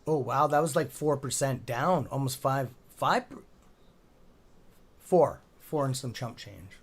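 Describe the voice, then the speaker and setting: A man's voice: mid-range voice, expressive, unhurried, breathy edge. A man hosting a casual live stock-trading stream, rambling and chatty with a sore throat, swearing now and then.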